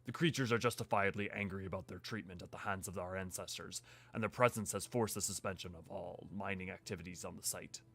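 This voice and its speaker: A man's voice: sits low, fairly even intonation, a bit bright, voice pushed down. A man doing a pompous old merchant. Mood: grave. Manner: slow, formal, grand. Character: pompous older male merchant, genteel, formal.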